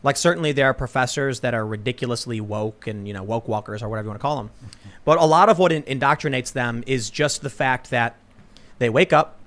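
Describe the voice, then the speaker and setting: A man hosting a casual panel discussion, telling stories in an animated way and often restarting his sentences. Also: medium pitch, fast talker. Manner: animated storytelling with repeated restarts. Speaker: host.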